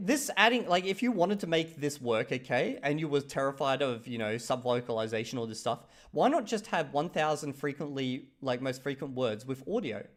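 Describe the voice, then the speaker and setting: A man, a young adult, chatting casually on a live stream and reading viewer comments aloud, animated and quick to laugh, with casual swearing. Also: on the high side. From Australia.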